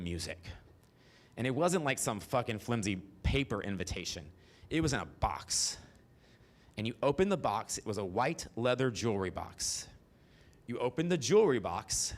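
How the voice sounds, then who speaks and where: A man in his forties tells stories on a theater stage, brash and profane, his voice jumping into high squeals at the big moments. His pitch sits in a middle range, neither deep nor high. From American South. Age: 40s. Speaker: stand-up storyteller. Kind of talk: stand-up comedy storytelling.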